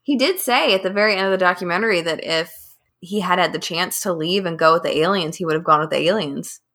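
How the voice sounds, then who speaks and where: A woman's voice: on the low side, fast talker. A woman co-hosting a podcast, telling a story casually and acting out the quotes. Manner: animated storytelling, acts out quotes with laughs.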